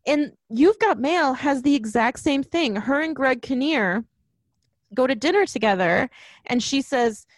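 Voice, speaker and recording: A woman's voice: high voice, unhurried, no room sound. A woman ranting in casual chat about a film, acting out lines as she goes. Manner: ranting, animated, acts out quotes.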